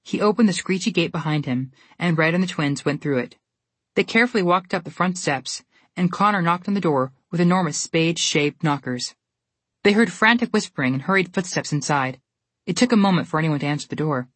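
A woman narrating a storybook in a steady, even reading manner. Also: on the low side, fairly quick, no echo.

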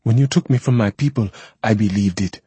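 A man's voice: on the low side, fairly quick, dark tone, breathy edge, no echo, pitched above the performer's own voice. A man voicing a grieving, proud woman who has lived for centuries, speaking bitterly in a story reading. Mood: pleading. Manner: bitter, pleading.

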